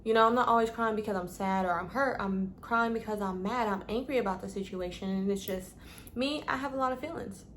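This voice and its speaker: A woman's voice: mid-range voice, brisk, fairly bright tone, slight background noise. A woman vlogger giving casual advice, chatty, calling her listeners "babes" and stumbling over long words. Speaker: lifestyle vlogger.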